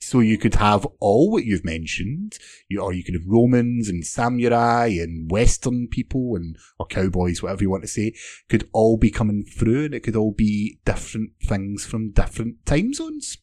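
A man with a lowish voice, talking through theories and dry jokes on a casual podcast. The sound is dry and close, with little room around it. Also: big pitch swings, moderate pace, darkish tone, dry recording. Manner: dry, joking, tells theories at length. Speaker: podcast co-host. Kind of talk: casual chat.

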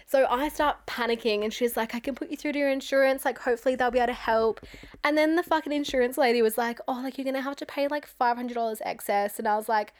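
A woman's voice: on the high side, fast. A young Australian woman in her twenties hosting a podcast, telling a story in a chatty way, swearing freely and laughing often. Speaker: podcast host. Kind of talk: casual storytelling monologue.

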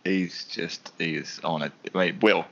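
A man's voice: deep voice, fairly even intonation, measured pace, gravelly, a bit bright, muffled recording. A man co-hosting a casual podcast, dry and matter-of-fact about league stats. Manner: dry, matter-of-fact, calls people mate.

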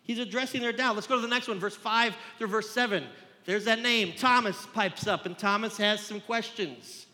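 Bright, high-voiced man preaching earnestly. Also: moderate pace, big-room sound. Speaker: pastor. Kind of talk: sermon.

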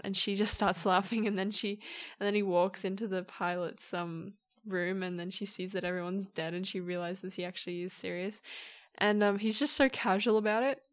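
A woman's voice: mid-range voice, fairly even intonation, moderate pace, no room sound. Chatty young woman, dry close sound. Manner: chatty, rambling storytelling. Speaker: podcast host. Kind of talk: casual solo podcast monologue.

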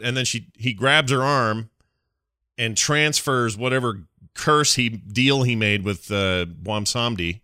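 A man's voice: fairly low pitch, slow, pushed and bright, smooth, dry recording, studio quality. A man hosting a casual podcast. He rambles through a recap, fumbles names and laughs often. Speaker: podcast host.

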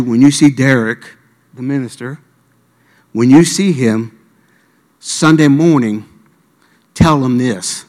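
Animated storytelling preacher in a reverberant hall. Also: male voice, medium pitch. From Miami. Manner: animated storyteller, acting out voices and dialogue. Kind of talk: sermon storytelling.

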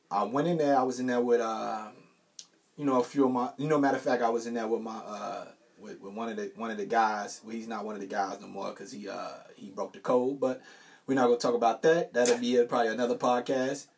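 A man's voice: medium pitch, a little fast, creaky, far from the mic. A man co-hosting a podcast, telling stories casually with a lot of slang. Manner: relaxed storytelling with slang. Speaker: podcast co-host. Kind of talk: casual chat.

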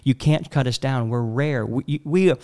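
Blunt, animated man in casual chat. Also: mid-range voice, a little slow. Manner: animated, blunt, acts out quotes.

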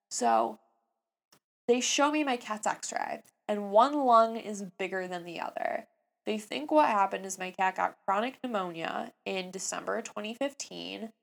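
A young woman in her twenties tells a story straight to her viewers, chatty and self-mocking, with lively asides. Her voice sits at a middle pitch and carries a gravelly, creaky edge. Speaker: vlogger. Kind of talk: casual storytelling.

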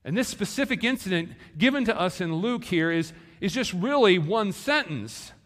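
A man preaching a sermon in a church, animated and acting out the disciples' words. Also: high voice, normal speed. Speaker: pastor. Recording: long hall reverb.

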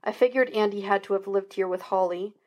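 Woman reading stern male cop, curt, barking, low-key. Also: brisk, close to an everyday voice. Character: gruff stern male police detective.

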